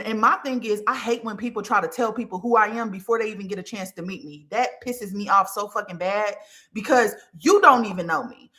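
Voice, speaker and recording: A woman in her thirties talks through a personal story in a loose, casual monologue. Her voice is bright and forward, and she swears freely and builds up animated tellings. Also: mid-range voice. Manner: candid, profane, animated storytelling. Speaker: podcast host.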